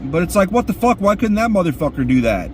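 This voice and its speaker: A man's voice: sits high, sing-song, fast, a little hiss or hum. A man ranting crudely and profanely while sitting in his car. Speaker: vlogger.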